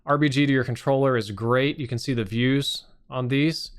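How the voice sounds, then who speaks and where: A man's voice: medium pitch, steady tone, moderate pace, smooth. A man hosting a live stream, reviewing channels with blunt, casual and sometimes profane critique.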